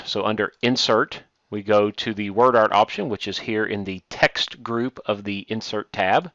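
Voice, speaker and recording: A man teaching a screen-recorded software tutorial, walking through steps one at a time with frequent "uh" fillers. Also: lowish voice, no echo. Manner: steady step-by-step explaining with frequent "uh" fillers. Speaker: instructor.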